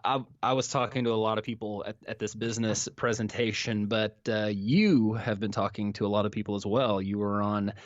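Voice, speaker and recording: Low-voiced man with a dull lo-fi sound. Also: steady tone, brisk, hardly any pauses, no echo. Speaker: interviewer. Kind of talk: casual conversation.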